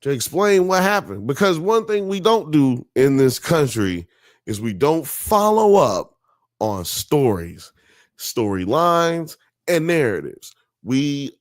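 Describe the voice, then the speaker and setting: A man's voice: mid-range voice, no room sound, clean studio sound. A man from Alabama with a Southern accent, hosting a podcast and rambling casually through profane, digressive commentary on a documentary. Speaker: podcast host.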